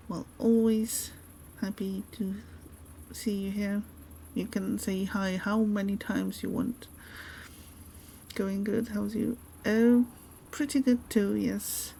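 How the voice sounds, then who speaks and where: A woman streamer chatting casually while gaming, relaxed and friendly, greeting viewers by name. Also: mid-range voice, a little hiss or hum.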